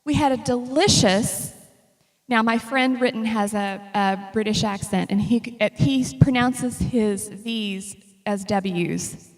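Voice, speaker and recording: A woman's voice: fairly high pitch, takes it slowly. A woman giving a casual, humorous talk about her travel slides to an audience. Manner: chatty and humorous, lively storytelling. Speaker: speaker presenting travel slides. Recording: long reverb of a hall.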